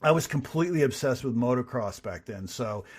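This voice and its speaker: A man's voice: medium pitch, fairly quick, slightly rough. A middle-aged man, a writer and producer, telling stories as a podcast guest and acting out the dialogue he quotes. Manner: animated storyteller who acts out quoted dialogue. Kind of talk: casual interview storytelling.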